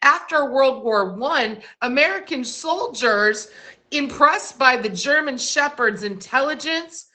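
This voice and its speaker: Bright, slow-talking woman hosting a trivia stream. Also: high-pitched, expressive. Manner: chatty, asks quiz questions and reads facts with small slips. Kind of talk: casual live-stream trivia, reading facts aloud.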